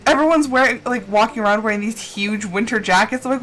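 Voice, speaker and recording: A woman's voice: fairly high pitch, expressive, brisk, hardly any pauses, sharp tone, soft background music. A woman livestreaming a game, telling a rambling story in casual chat with lots of fillers and playful drama. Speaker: livestreamer playing a farming game. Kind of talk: casual chat while gaming.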